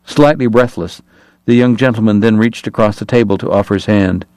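Low-voiced male audiobook narrator. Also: fairly quick, a little mellow, dry recording. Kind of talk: scripted narration.

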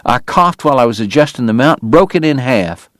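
A man voicing a bitter, weary, consumptive male dentist who speaks with slow, quiet precision. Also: mid-range voice, lively intonation, no echo, pitched above the performer's own voice, lightly acted. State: coughing illness, strained breath.

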